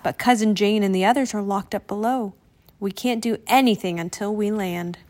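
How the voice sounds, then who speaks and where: A woman reading a storybook aloud, voicing a loyal male bird in a calm, reassuring way. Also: medium pitch, moderate pace, close to an everyday voice.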